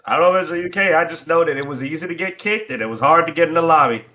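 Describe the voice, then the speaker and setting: A man's voice: on the high side, rapid-fire, bright, forceful tone. A man co-hosting a casual livestreamed chat over an online call, telling stories animatedly and laughing often. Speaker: co-host.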